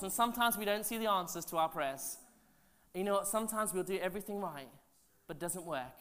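A man, a pastor telling stories in a sermon, animated and chatty with asides to the congregation, his voice swinging from loud to hushed. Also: sits high, quick pace, clear, resonant tone. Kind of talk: sermon storytelling.

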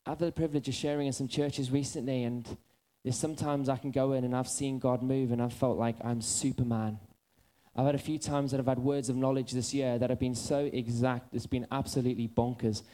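A man in his thirties preaching a sermon, earnest and building to excited urgency. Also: mid-range voice, a little fast.

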